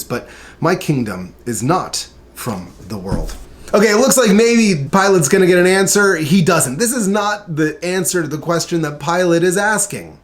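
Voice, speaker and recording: A man teaching a short Bible study, reading scripture aloud in an earnest, measured way with emphatic pauses. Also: fairly high pitch.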